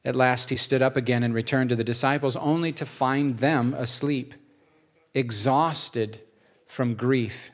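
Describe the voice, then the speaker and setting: A man preaching, reading scripture aloud as an expressive storyteller with casual asides. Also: medium pitch, a little slow. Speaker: pastor.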